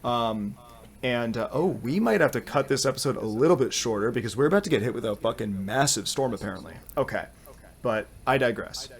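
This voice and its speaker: A man's voice: medium pitch, animated, slightly rough. A man in his twenties hosting a casual podcast, swearing often and mocking himself. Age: 20s. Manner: fast, swearing, self-mocking. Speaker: podcast host. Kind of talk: casual chat.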